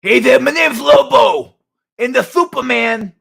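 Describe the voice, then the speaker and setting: A man voicing a gruff, brawling male space bounty hunter who shouts and brags. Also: very high voice, unhurried, voice pushed up, full character voice. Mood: angry. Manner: shouting, brash.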